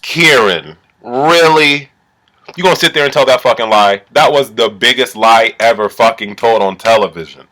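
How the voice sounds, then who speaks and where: A man giving a casual, profane recap of a reality show as a vlogger, swinging from low mumbling to indignant outbursts. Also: brisk, few pauses, fairly bright tone.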